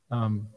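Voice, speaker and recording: A man answering questions about a hymnal, explaining thoughtfully with frequent pauses and ums. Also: phone-quality sound. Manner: thoughtful, explanatory, frequent ums, quotes hymn lines aloud. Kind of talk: live Q&A talk.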